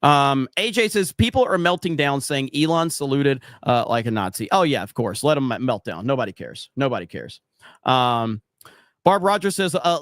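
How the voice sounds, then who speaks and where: A man's voice: medium pitch, lively intonation, moderate pace, fairly bright tone, no echo, clean studio sound. A man hosting a casual livestream podcast, reading chat comments and ranting bluntly with plenty of profanity.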